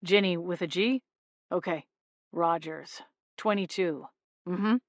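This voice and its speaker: An easygoing young investigator who shrugs off rules and turns gruff on the phone, played by a woman narrator. The voice sits a touch lower than her own, calm and unhurried. Dry, close reading with no room sound. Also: no room sound. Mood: businesslike. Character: laid-back young man, a rule-dodging investigator.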